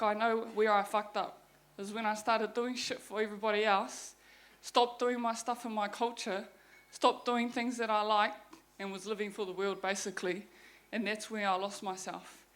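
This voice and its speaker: A young woman with a New Zealand accent giving a candid personal testimony talk, frank and swearing freely as she retells her story. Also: mid-range voice. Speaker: guest speaker sharing her story.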